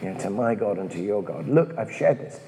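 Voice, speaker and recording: A priest giving a conversational talk on prayer, full of asides and rhetorical questions. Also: male voice, on the low side, sing-song, a little fast, warm tone. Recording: long hall reverb.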